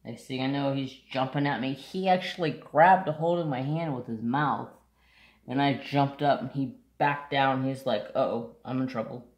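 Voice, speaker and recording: A man's voice: mid-range voice, moderate pace, reverberant. A man chatting casually to camera, telling a rambling story and sidetracking often, with blunt, offhand asides. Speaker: craft vlogger.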